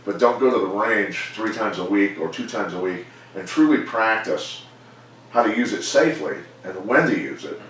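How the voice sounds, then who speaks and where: Low-voiced middle-aged fight coach, measured plain talk, echoey room, faint hiss behind. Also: male voice. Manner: measured, plainspoken, animated when quoting others. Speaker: MMA coach and former fighter. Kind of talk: casual storytelling interview. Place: gym. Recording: echoey room, mic far off.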